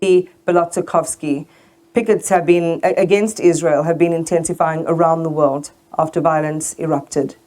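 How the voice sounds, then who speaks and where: A woman anchor reading a news report in a measured, formal way. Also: low voice, steady tone, mellow.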